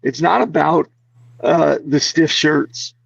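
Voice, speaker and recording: A man's voice: fairly high pitch, slow, creaky, breathy edge, no room sound. A man being interviewed as a guest, telling restless, rambling stories in casual chat with lots of fillers. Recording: dull, lo-fi, dry sound.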